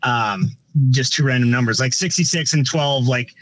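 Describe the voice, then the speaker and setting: A man's voice: mid-range voice, moderate pace. A man who directs races, talking casually on a podcast, rambling with frequent restarts and filler phrases. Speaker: race director.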